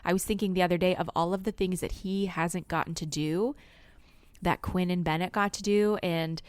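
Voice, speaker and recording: A woman co-hosting a podcast, telling relaxed stories about her kids in casual chat. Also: lowish voice, moderate pace, clear, resonant tone, no room sound. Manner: chatty, laughs often, relaxed storytelling. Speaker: podcast co-host.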